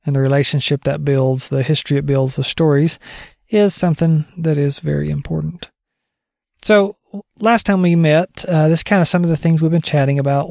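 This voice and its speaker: Gravelly-voiced man in casual teaching talk. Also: on the high side, a little mellow, dry recording, clean studio sound. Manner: conversational and digressive, thinking aloud. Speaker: disciple-maker giving a ministry update. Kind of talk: casual spoken teaching update.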